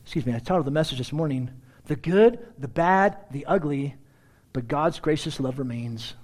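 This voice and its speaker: A middle-aged male pastor preaching a sermon, telling stories in a lively, conversational way and often clearing his throat. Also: on the high side, normal speed. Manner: animated storyteller, conversational asides, frequent throat-clearing.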